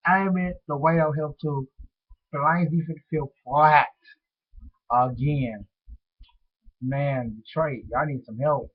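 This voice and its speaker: A man's voice: a little high, steady tone, takes it slowly, long pauses, breathy edge. A man with a cold who sounds congested, rambling through a casual sports talk vlog in slangy speech aimed straight at his viewers. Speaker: sports vlogger. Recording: tinny phone-like audio.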